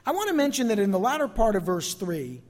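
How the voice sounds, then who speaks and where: A man preaching a sermon as pastor, expressive and calling out to his congregation for amens. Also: high-pitched, quick pace, in a large hall.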